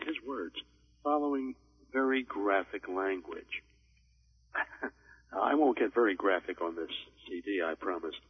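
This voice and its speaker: A man coaching on public speaking in a measured way, with deliberate pauses for emphasis. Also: mid-range voice, slightly rough, phone-quality sound. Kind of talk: instructional talk on a recorded program.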